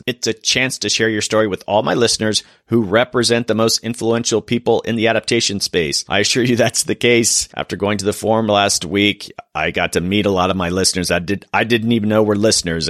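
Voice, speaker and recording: A male podcast host pitches sponsorships and thanks his listeners in a brisk, upbeat, salesy way. His voice sits a little low, and he talks fast. The recording is dry and close, with no room sound. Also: fairly bright tone, no room sound.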